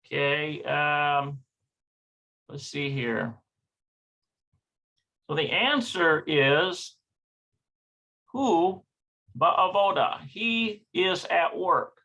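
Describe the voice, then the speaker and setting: A man leads an unhurried online language lesson, hesitating and checking each pronunciation as he goes. His voice sits a little high, with a bright tone and a gravelly fry. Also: expressive, muffled recording. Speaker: Hebrew teacher.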